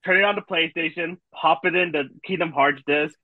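Man, casual chat, fairly high voice, dry dull lo-fi sound, rambling and nostalgic. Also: a little fast, dry recording. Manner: nostalgic, rambling with many fillers. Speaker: podcast co-host.

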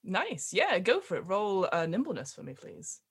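A woman's voice: medium pitch, big pitch swings, moderate pace, slightly rough. A woman running a tabletop game as game master, with chatty, giggly narration full of fillers.

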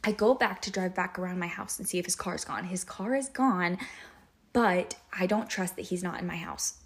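Candid low-voiced woman telling her story. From Kansas. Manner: candid, emotional, many "like" fillers. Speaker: podcast host and business owner. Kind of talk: personal storytelling monologue.

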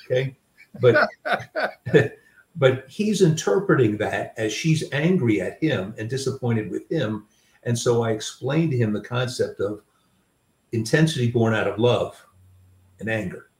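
A man's voice: mid-range voice, animated, a little slow. An older man, a guest author, telling personal stories in a reflective conversational way with many fillers. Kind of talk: conversational storytelling. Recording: roomy sound, distant mic.

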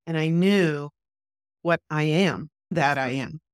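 A woman minister telling a personal story as a podcast guest, with an animated, earnest delivery that acts out the dialogue she quotes. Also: low voice, takes it slowly, dry recording, studio quality.

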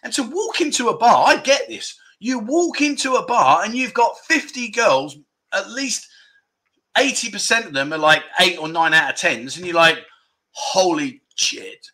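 A man's voice: sits high, animated, moderate pace, bright, forceful tone. A man from England hosting a casual livestream, rambling through self-deprecating banter and reading out viewer comments. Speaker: livestream host.

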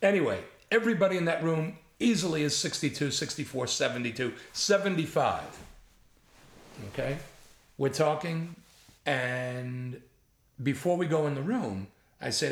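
Gravelly older man telling stories. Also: on the high side, normal speed, echoey room. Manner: lively storyteller who imitates others and swears freely. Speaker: comedy writer guest. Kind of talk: casual anecdote telling.

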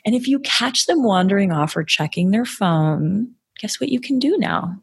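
A woman giving an energetic, emphatic sales coaching talk on a podcast, acting out sample lines she would say to clients. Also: mid-range voice, moderate pace, gravelly, slightly rough, dry recording, studio quality.

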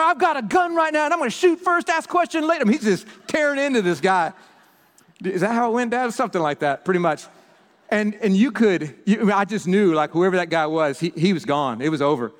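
A man preaching a sermon, telling a story in an animated way with lots of restarts. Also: sits high. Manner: animated storyteller, repeats words when excited. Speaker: pastor. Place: church hall. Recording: reverberant church hall.

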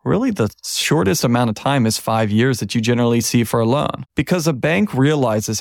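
A man hosting a podcast, explaining in a blunt, conversational monologue and acting out lenders and borrowers in quick asides. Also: mid-range voice, expressive, no echo, clean studio sound. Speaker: podcast host.

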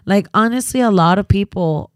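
A woman's voice: medium pitch, normal speed, no echo, clean studio sound. Emotional pregnant woman podcast host. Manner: emotional, laughing through tears. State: pregnant and tearful. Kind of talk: casual chat.

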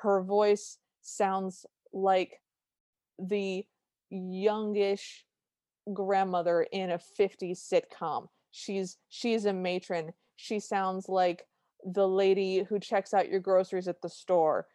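A woman's voice: mid-range voice, level tone, slow pace, dark tone, no room sound, clean studio sound. A woman co-hosting a podcast, retelling a cartoon's plot in casual chat with wry asides. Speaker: podcast co-host.

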